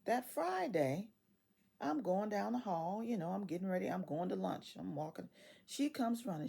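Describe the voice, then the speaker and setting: A woman in her sixties, a retiree telling a story casually, animated and quoting others in dialogue, often laughing as she talks. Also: mid-range voice, normal speed, gravelly, husky.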